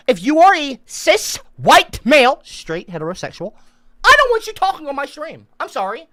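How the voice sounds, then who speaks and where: Sweary woman streamer yelling at chat, bossy lecture vibe, high bright voice, dead dry sound. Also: wildly swooping pitch, moderate pace, no room sound. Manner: profane, with sudden shouted outbursts. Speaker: livestreamer. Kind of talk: comedic livestream rant.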